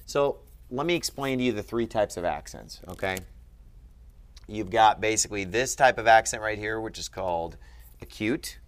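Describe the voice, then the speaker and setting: Patient low-voiced male teacher. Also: lively intonation, normal speed. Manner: patient, checks in with frequent "okay?". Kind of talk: explaining grammar at a board.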